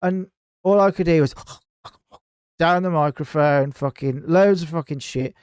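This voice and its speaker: A man spins a heated tale as a podcast guest, swearing constantly and slipping into other people's voices. His voice sits a bit high and comes across smooth and crisp, recorded close and dry. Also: unhurried, no echo. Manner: animated, heavy swearing, acts out others' lines. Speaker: podcast guest, gaming clan founder. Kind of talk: casual podcast storytelling.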